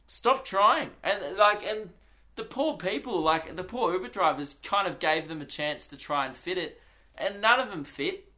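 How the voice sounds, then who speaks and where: A man's voice: high-pitched, normal speed, bright, forceful tone. A young Australian man, a comedian, chatting casually on his solo podcast and telling rambling, swearing anecdotes in an Australian accent.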